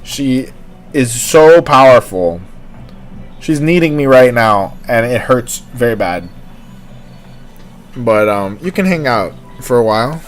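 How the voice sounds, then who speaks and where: A man hosting a livestream who talks in a loose, rambling way, with constant "like" and "you know". His voice sits at a middling pitch for a man. Faint music plays in the background. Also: animated, takes it slowly, pauses often. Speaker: livestream host. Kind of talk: casual rambling chat.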